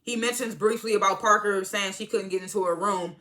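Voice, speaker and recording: A woman's voice: mid-range voice, a little fast. A woman giving a casual, slangy recap of a TV show, talking animatedly and often breaking into laughter. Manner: animated, slangy, swings into loud excited retellings; frequent laughs and filler words. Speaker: TV show reviewer.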